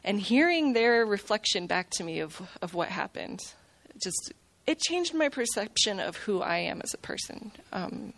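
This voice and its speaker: A woman sharing personal reflections softly and thoughtfully. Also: mid-range voice, sing-song, normal speed, gravelly, hardly any pauses, no echo.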